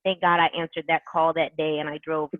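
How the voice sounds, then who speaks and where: A woman's voice: deep voice, level tone, a little fast, background noise. A woman closing a team conference call with enthusiastic, rambling motivational talk, full of fillers. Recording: tinny conference call line.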